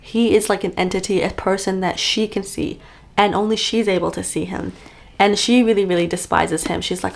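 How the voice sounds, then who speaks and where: A woman's voice: mid-range voice, fairly quick, vocal fry. Chatty young woman vlogging about a book. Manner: chatty, upbeat, lots of fillers. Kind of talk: casual reading vlog chat. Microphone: camera-mounted shotgun mic.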